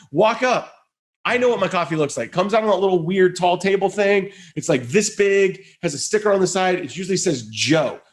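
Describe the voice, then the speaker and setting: A man giving a conference keynote, telling an animated story and acting out the voices of the people in it. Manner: animated, high-energy storytelling with acted-out quotes. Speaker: conference speaker.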